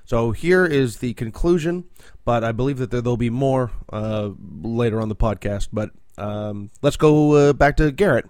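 A man hosting a podcast between segments, halting and self-correcting with lots of fillers. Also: mid-range voice, a little mellow, smooth, dry recording. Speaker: podcast host.

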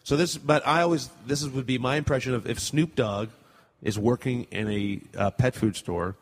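A man's voice: medium pitch, moderate pace. A man co-hosting a comedy podcast, chatting casually and rambling with many fillers. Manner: rambling, trails off, does celebrity impressions. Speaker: podcast co-host.

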